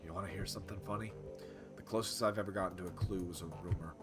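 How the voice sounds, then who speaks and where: A streamer with a low voice reads a game's text aloud very fast and in a steady tone during a narrated playthrough. Between the lines he drops wry asides, with game music playing behind him.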